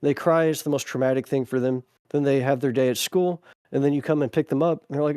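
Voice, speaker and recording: A man's voice: on the high side, fairly quick, warm tone, no echo, clean studio sound. A man in a podcast conversation, speaking thoughtfully and reflectively and working through ideas with analogies.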